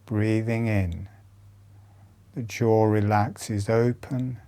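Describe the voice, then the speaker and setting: A man leading a guided breathing meditation, giving calm instructions softly with long pauses. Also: on the low side, clean tone.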